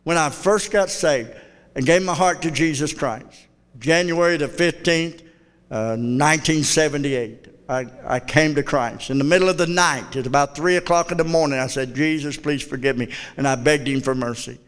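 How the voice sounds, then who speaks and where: A man's voice: a little high, moderate pace, fairly bright tone, clear, resonant tone. A fervent older man preaching a sermon in a church, calling out to the congregation. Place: church hall. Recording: reverberant church hall.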